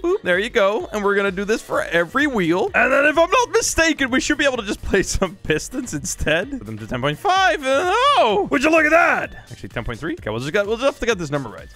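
Excitable high-pitched young man gaming. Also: fast, few pauses. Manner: excitable, laughs often, exclaims. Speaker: gaming YouTuber. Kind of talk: energetic gameplay commentary. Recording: music playing faintly behind.

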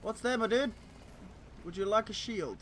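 A man's voice: high voice, expressive, a bit bright, a little hiss or hum. A man streaming a game, chatting casually to his teammates on screen, swearing freely and laughing easily. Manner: cheerful, quick to laugh. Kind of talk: casual gameplay commentary.

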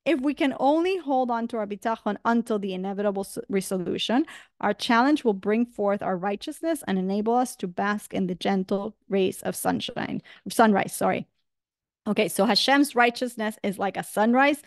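A woman teacher giving an online class, animated and enthusiastic, often checking in with "right?". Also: mid-range voice, moderate pace, dry recording, clean studio sound. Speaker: Torah teacher.

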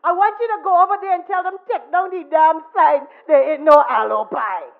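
A woman playing a loud blunt neighborhood guy, high pushy voice, sounds like an old phone line. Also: normal speed, gravelly. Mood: exasperated. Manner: loud, questioning, never talks softly. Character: loud blunt neighborhood man, nosy and teasing. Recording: tinny phone-like recording.

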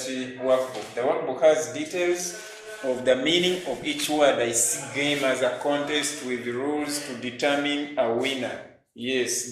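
Man, Ugandan English accent, schoolteacher, unhurried, very reverberant classroom. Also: mid-range voice, a little hiss or hum. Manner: slow, deliberate, repeats words and corrects himself. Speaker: primary school English teacher. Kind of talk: classroom lesson reading vocabulary aloud. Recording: very echoey room.

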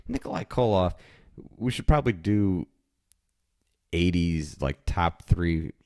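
A man with a very low voice co-hosts a casual podcast. His talk is wry and rambling, full of loose fillers as he works through a thought. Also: animated, takes it slowly, darkish tone. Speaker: podcast co-host. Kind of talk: casual chat.

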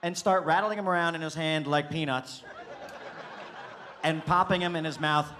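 A man's voice: on the high side, moderate pace, bright, forceful tone, a little hiss or hum. A male stand-up comedian telling a story on stage, teasing his partner with exaggerated detail. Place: stage before a live audience.

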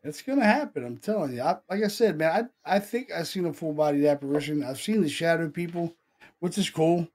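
Casual rambling middle-aged guy on a podcast, kinda high voice, cusses a lot, keeps saying dude and man. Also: lively intonation, a little fast, darkish tone. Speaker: podcast host. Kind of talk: casual storytelling chat.

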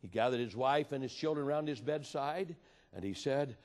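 A man preaching a sermon with passion, moving between loud appeals and hushed storytelling. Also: mid-range voice, lively intonation, moderate pace. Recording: reverberant hall.

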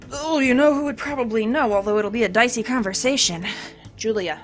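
A woman's voice: fairly high pitch, brisk, faint music behind. Chatty woman narrating a game. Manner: chatty and animated, talks to herself about choices. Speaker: game streamer. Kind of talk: let's play commentary.

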